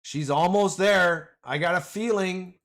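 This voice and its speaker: A man's voice: high voice, unhurried, vocal fry, fairly bright tone. A man hosting a casual livestream, rambling and joking, often calling his viewers "man" and "boys". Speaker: livestream host.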